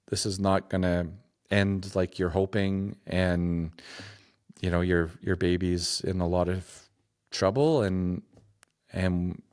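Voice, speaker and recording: A man from Saskatchewan, a podcast guest telling a personal story in a halting, reflective way, full of restarts and "like". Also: deep voice. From Saskatchewan, Canada.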